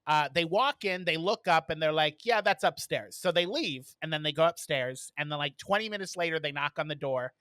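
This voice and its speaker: A man co-hosting a podcast, telling stories in casual chat with lots of ums and quick laughs. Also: a little high, pushed and bright, clear, resonant tone, dry recording. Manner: storytelling with many fillers and laughs. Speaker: podcast co-host.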